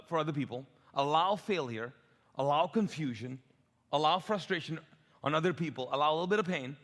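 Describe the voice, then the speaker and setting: Guy pastor preaching, lively and joking with the crowd, voice ringing out in a big church hall. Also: on the high side. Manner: animated, asks audience to call out answers; tells humorous stories with acted-out quotes. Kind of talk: sermon. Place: church auditorium. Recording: long hall reverb.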